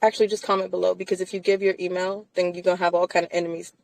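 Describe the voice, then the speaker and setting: A woman's voice: lowish voice, level tone, racing, vocal fry, darkish tone, dry recording, poor audio. A woman hosting a casual live chat from inside a car, talking emphatically and laughing often between phrases.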